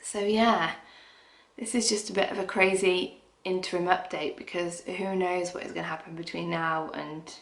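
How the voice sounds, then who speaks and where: A woman's voice: on the low side, fairly even intonation, normal speed, vocal fry. Candid woman vlogging to camera. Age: middle-aged. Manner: candid, emotional, talking straight to camera. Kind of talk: personal pregnancy vlog. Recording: echoey room.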